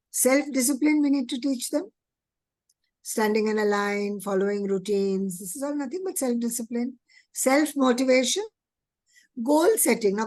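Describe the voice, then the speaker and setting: A woman's voice: a little high, a little mellow, dry recording. Earnest woman teacher trainer. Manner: earnest, asks rhetorical questions, acts out child and teacher voices. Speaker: early childhood education trainer.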